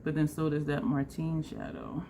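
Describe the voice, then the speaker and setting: A woman vlogging a makeup tutorial in a chatty, excitable way, talking straight to her viewers. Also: deep voice, normal speed, a little hiss or hum. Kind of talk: casual makeup tutorial chat.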